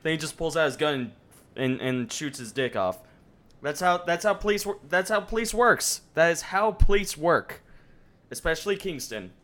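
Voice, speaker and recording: A man's voice: on the high side, expressive, normal speed, fairly bright tone. A young man casually commenting on his gameplay during a live stream, joking and rambling to himself as he plays. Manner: joking, rambling, talks to himself while playing. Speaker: game streamer. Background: faint game music.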